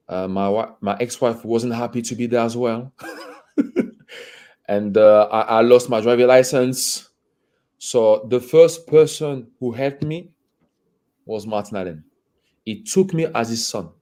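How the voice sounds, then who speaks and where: A man speaking as an interview guest about his football career, talking haltingly, repeating words and laughing between phrases. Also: lowish voice, dark tone. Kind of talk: candid conversational interview.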